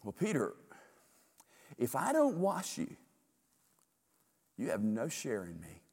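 A preacher voicing a gentle, tender teacher. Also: male voice, mid-range voice, big pitch swings, normal speed, in a large hall, natural voice. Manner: soft, reassuring.

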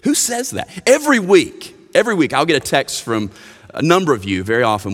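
A man's voice: a little high, huge pitch swings, quick pace. Earnest male pastor preaching in a hall. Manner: earnest, rises for emphasis and drops soft. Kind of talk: sermon.

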